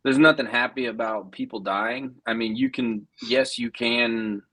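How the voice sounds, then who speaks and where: American man guesting on a podcast, husky voice, playful and profane. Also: mid-range voice, unhurried. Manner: joking, excitable, swears a lot. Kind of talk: casual podcast chat.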